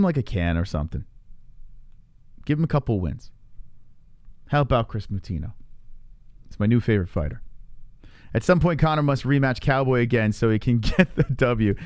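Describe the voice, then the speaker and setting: A man's voice: medium pitch, lively intonation, a little fast, long pauses, a little mellow, no room sound, studio quality. A man hosting a live stream and ranting casually, heated and full of profanity.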